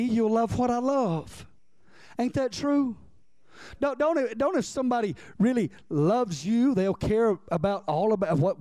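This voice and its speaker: High-voiced man preaching. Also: warm tone, no room sound. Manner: conversational preaching, repeats lines for emphasis, asks the congregation questions. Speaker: pastor. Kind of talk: sermon.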